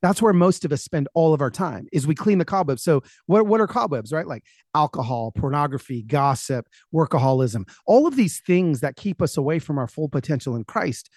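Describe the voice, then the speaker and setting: Man, animated storyteller, quick restarts, higher pitch, dry recording. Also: dry recording. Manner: animated, fast, with repeated restarts. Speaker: guest author. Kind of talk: personal storytelling in an interview.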